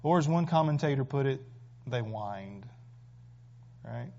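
A man's voice: medium pitch, lively intonation, a little slow, warm tone. A man preaching a sermon, emphatic and full of rhetorical questions. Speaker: pastor. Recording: dull lo-fi recording.

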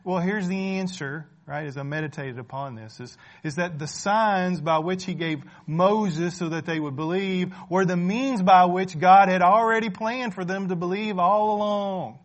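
A man delivering a sermon with a fairly high voice. He talks casually, poses questions to his listeners and repeats key phrases to drive them home. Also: normal speed, few pauses. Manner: rhetorical questions, often checking in with "right?"; repeats phrases for emphasis, conversational. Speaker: preacher.

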